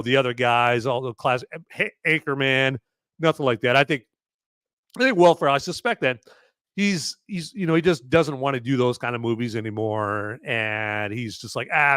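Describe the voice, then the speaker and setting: A man's voice: medium pitch, normal speed, fairly bright tone, clear, resonant tone, dry recording, studio quality. A man hosting a podcast, rambling through a casual live movie review with lots of fillers, restarts and sarcastic asides. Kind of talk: casual live-stream commentary.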